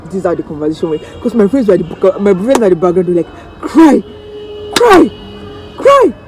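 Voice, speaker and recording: A Nigerian woman vlogger telling a story-time tale in an animated, dramatic way, acting out the voices of the people in it. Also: on the low side, rapid-fire, loud music behind the voice, low-quality recording.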